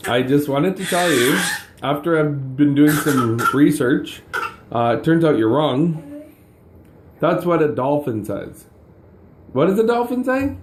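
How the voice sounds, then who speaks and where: A man's voice: a little high, unhurried. A man playing animal-sound games with a toddler, asking sing-song questions and teasing her with a chuckle. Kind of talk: playful talk with a small child. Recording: echoey room with faint noise.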